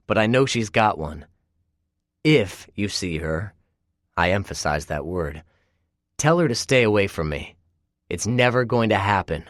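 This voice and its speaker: Guy reading an audiobook, lowish voice, tense clipped delivery, dry close mic. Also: fairly bright tone, no echo. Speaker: audiobook narrator. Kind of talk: first-person audiobook narration with dialogue.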